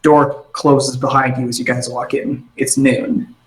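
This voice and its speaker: A man narrating a tabletop game as game master, animated and jumping into side characters. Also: mid-range voice, a little slow, roomy sound, low-quality recording.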